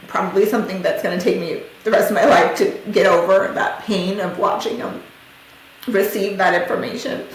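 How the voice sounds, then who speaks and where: A woman hosting a podcast, telling a painful personal story in an emotional, halting way with many fillers. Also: medium pitch. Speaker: podcast host. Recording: very echoey room, faint noise.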